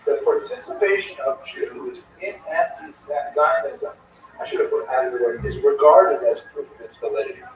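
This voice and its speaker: A man's voice: a little high, moderate pace, gravelly, recorded from a distance. Man, livestream host, casual talk, echoey room, faint noise. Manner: animated, tells jokes. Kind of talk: casual discussion.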